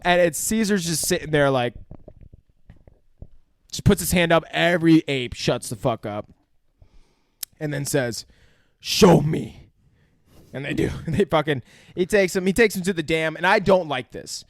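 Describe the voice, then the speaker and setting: Animated, profane young man reviewing a film. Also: a little high, normal speed, pauses often, no echo, studio quality. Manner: profane, animated, acts out scenes in quoted voices. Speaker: podcast co-host. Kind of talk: casual movie review chat.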